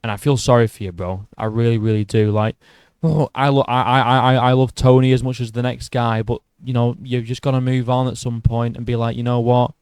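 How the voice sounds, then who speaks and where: A man's voice: mid-range voice, fairly even intonation, fairly quick, a little mellow, clear, resonant tone, no room sound. A man hosting an MMA video who rants in a casual, profane and sarcastic way. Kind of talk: casual opinion rant.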